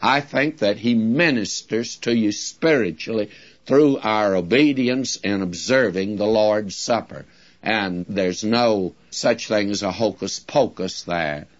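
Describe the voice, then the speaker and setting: Slow, low-voiced man teaching Scripture. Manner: slow, earnest, plain-spoken, stresses quoted words. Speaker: Bible teacher. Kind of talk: radio Bible teaching. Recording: dull lo-fi old recording.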